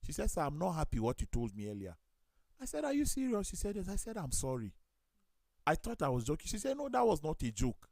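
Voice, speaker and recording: A man's voice: fairly high pitch, quick pace, dry recording. A man with a Nigerian accent, a pastor hosting a studio talk show, telling anecdotes and acting out the people he quotes. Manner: storytelling, acts out quoted voices, lively.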